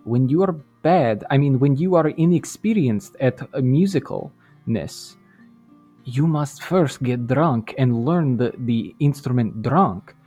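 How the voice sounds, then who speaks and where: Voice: medium pitch, animated, slow pace, dark tone, husky, soft background music. Stammering, mock-grand bard player. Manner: stammering, playfully pompous. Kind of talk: in-character tabletop role-play.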